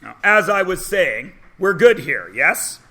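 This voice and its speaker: A man teaching a math class in a classroom, chatty and teasing, often checking in with quick questions. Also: sits high, sing-song, bright, forceful tone, slight background noise. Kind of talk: classroom lesson.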